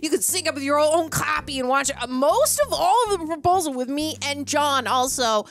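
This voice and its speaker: Giggly high-voiced woman co-host. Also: moderate pace. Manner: giggly and excitable, with loud outbursts. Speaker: co-host of a movie reaction show. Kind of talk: bubbly casual chat.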